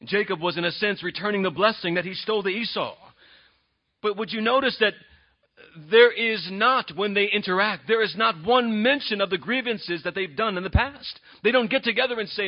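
A man preaching a sermon as pastor, earnest, moving between quiet and emphatic delivery. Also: high voice, moderate pace. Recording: dull lo-fi sound.

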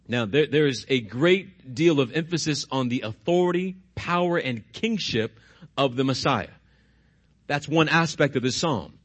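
A man preaching a sermon as pastor, putting questions to the congregation and slowing down and dropping his voice to stress key words. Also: medium pitch, animated. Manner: slows and drops his voice for emphasis.

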